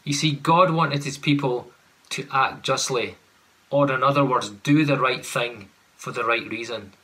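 A man's voice: medium pitch, measured pace, pushed and bright. A man preaching a sermon, earnest and full of rhetorical questions, at times acting out sarcastic paraphrases.

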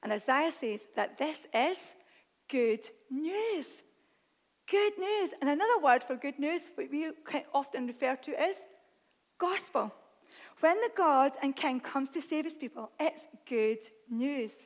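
Animated woman preaching in a reverberant hall. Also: high-pitched, normal speed. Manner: animated, self-deprecating, reads scripture aloud. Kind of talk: sermon.

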